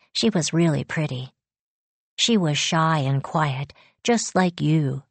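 A woman narrates a novel in the first person, slowly and gently, with a soft, breathy voice pitched on the lower side. The recording is close and dry. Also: no echo. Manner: unhurried, gentle storytelling. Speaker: audiobook narrator.

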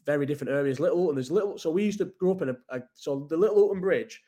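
This fairly high-pitched man talks very fast in a warm tone, hosting a rambling, blunt, sweary live chat. He's from the Bolton area of England and has the local accent.

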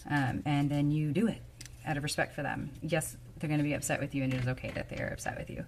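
Woman co-host, mother, very low voice, relaxed and matter-of-fact, casual chat. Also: fast, slight background noise.

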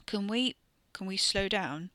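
A grumpy young man with a bad stomach mutters and swears irritably, as a woman reads him. The voice is bright and crisp, close and dry, like a storybook reading. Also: medium pitch, measured pace, dry recording. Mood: grumbling.

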